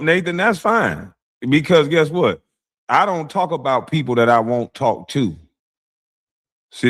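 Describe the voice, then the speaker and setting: A man hosting a casual livestream, reacting to a clip with mocking, blunt commentary and frequent laughter. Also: medium pitch. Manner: mocking, animated, laughs often, blunt slang. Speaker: streamer, show host.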